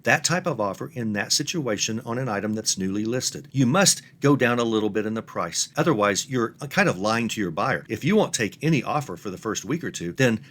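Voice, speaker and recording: A man's voice: lowish voice, expressive, fairly quick, hardly any pauses, fairly bright tone. Earnest man explaining step by step. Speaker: online reselling instructor. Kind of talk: instructional talk to camera.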